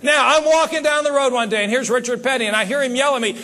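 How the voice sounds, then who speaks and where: A man giving a motivational sales seminar on stage, talking straight to the audience in an animated way. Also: very high-pitched, quick pace. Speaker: seminar speaker.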